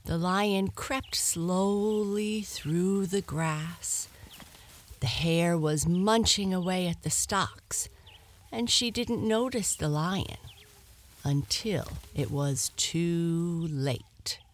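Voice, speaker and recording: A woman narrating a children's bedtime story in a gentle manner, sometimes dropping to a whisper. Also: lowish voice. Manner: gentle, very slow, at times whispered.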